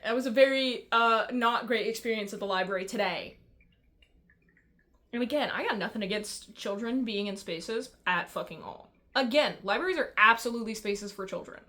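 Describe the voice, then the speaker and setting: A woman's voice: mid-range voice, fairly bright tone. A woman vlogging in a casual rant, frustrated and blunt, swearing freely and often restarting her sentences. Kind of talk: casual ranting vlog.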